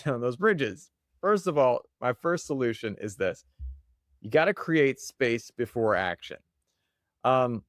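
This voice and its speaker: A podcast host speaks to camera in a loose, chatty motivational monologue, frequently laughing at his own stories. His voice is an ordinary middle pitch, recorded close and dry with no room sound or echo.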